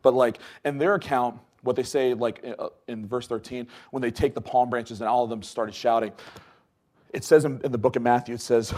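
A man preaching a casual, conversational sermon, telling stories with lots of fillers and swinging between loud bursts and hushed asides. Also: mid-range voice, fairly even intonation, moderate pace. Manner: chatty with many fillers.

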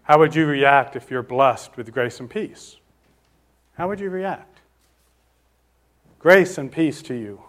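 A man preaching a sermon, posing questions to his listeners, answering them himself and slowing down to stress key words. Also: medium pitch, expressive, fairly bright tone.

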